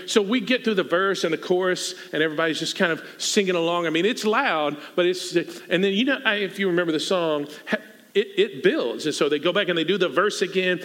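A man preaching a sermon as pastor, animated and acting out the people in the story. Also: high voice, fairly quick. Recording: echoey hall.

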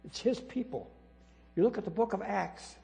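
A man preaching a sermon as pastor, emphatic and repetitive, swinging between loud declarations and quiet asides. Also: sits high, expressive, moderate pace, vocal fry, soft background music. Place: church sanctuary. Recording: reverberant hall with mains hum.

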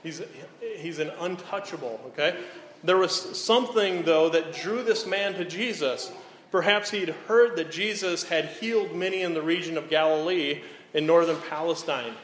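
A pastor preaching a sermon in an earnest way, often checking in with the listeners. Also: male voice, a little high, moderate pace, a bit bright. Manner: earnest, repeats "okay?" to check in. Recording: echoey hall, faint room noise.

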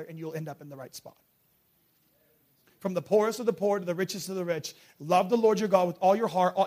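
Male preacher, high voice, passionate sermon delivery, loud peaks and hushed lows. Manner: passionate, swings from shouting to hushed.

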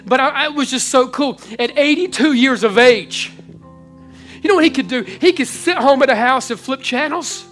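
A man preaching a sermon to his congregation, moving between hushed storytelling and loud, impassioned preaching. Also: very high voice, normal speed, soft background music. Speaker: pastor. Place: church hall before a congregation.

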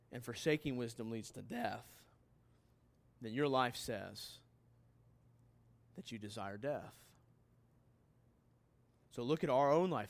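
A man preaching a sermon as pastor, emphatic and putting questions straight to his listeners. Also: a little high.

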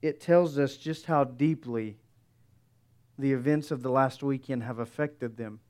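A man preaching an expository sermon in a measured, reflective way, with frequent rhetorical questions. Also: mid-range voice, a little mellow.

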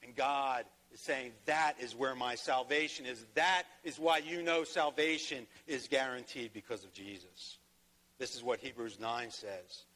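A man's voice: medium pitch, measured pace, sharp tone. A man pastor preaching a sermon, telling a personal story and rising to emphatic peaks. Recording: long hall reverb.

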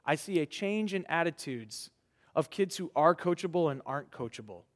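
A man's voice: on the high side, animated. Earnest preacher man in a reverberant hall. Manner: earnest, rhetorical questions, dramatic pauses. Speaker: pastor. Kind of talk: sermon.

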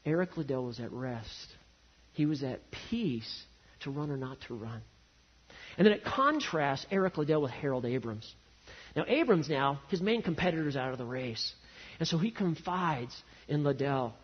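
A man preaching a sermon, swinging from loud emphasis to hushed, quiet lines. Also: medium pitch, animated, moderate pace, husky, lo-fi sound. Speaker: pastor.

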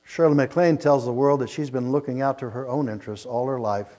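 A man preaching a sermon, emphatic, moving between loud declamation and quiet asides. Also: mid-range voice, steady tone, a little fast. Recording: lo-fi with mains hum.

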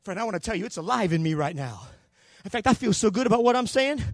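A man preaching a sermon in a church, swinging between loud shouting and quieter low passages. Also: expressive, fast talker, no room sound, studio quality. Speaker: pastor.

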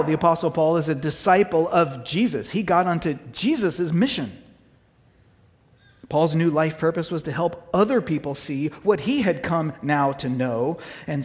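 A male pastor preaching a conversational sermon, acting out biblical dialogue with humor. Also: on the high side. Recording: reverberant hall, dull lo-fi sound.

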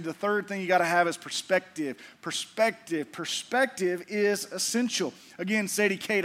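A middle-aged man preaching a sermon to his church, folksy, joking with the congregation and animated. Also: sits high. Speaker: pastor.

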